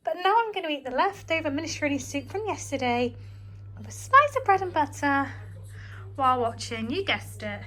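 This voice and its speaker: A woman's voice: sits high, expressive, moderate pace, bright, forceful tone, low-quality recording. A young woman vlogging casually from her kitchen, chatty, self-deprecating and a bit out of breath from tiredness. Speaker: vlogger, homemaker. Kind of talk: casual kitchen vlog chat.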